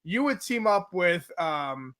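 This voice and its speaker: A man with a fairly high voice co-hosts a casual chat show. He laughs a lot and reads out viewer comments as he goes. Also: very animated, takes it slowly, a crowd in the background. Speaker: podcast co-host.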